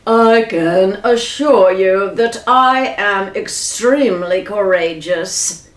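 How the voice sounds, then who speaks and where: Woman playing an earnest formal rascal, slow, echoey room. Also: medium pitch, far from the mic, close to an everyday voice. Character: earnest, proper rascal claiming courage. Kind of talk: storybook read-aloud for children.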